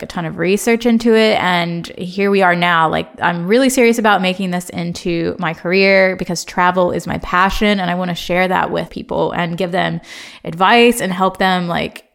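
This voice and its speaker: A woman's voice: fairly low pitch, normal speed, vocal fry. A woman in her thirties from Ohio with an American accent, hosting a casual solo podcast in a chatty, filler-heavy way with frequent laughs. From Ohio, USA. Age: 30s. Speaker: podcast host.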